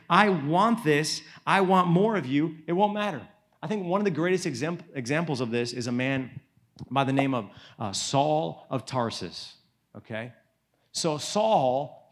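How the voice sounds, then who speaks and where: A young man preaching to a youth retreat, retelling scripture in a casual, slangy, dramatic way. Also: a little high. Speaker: youth speaker. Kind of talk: sermon.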